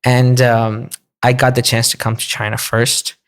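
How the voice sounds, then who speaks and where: A man telling a long travel story in a relaxed podcast chat, with many fillers. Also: mid-range voice, smooth. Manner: flat, unhurried storytelling with fillers. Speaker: podcast guest. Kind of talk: casual storytelling.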